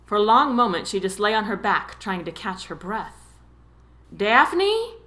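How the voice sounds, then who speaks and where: A woman narrating a romance novel as an audiobook, with expressive storytelling. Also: medium pitch, normal speed. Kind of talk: scripted narration.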